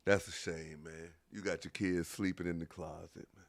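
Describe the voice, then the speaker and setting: A man's voice: low-pitched, steady tone, normal speed, gravelly. A man hosting a call-in show, commenting on a clip in a casual, slangy, mocking and scolding way.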